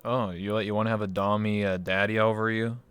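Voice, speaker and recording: A man hosting a casual interview, rambling through his stories with plenty of likes and ums. His voice is smooth and resonant. It is recorded dry and close. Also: lowish voice, little pitch movement, quick pace, fairly bright tone, dry recording. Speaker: interview host. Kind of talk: casual chat.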